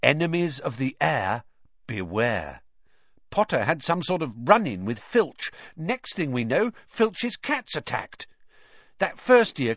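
A man's voice: on the high side, dry recording, voice pushed up. A man voicing Ernie, a solemn, nervous schoolboy wizard. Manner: solemn, hushed, conspiratorial. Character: fearful, stubborn pure-blood schoolboy wizard. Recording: dry, slightly muffled audio.

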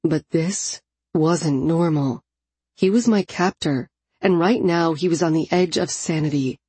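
A woman narrating a first-person audiobook in an intimate, low-key delivery. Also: measured pace, warm tone, husky, no room sound.

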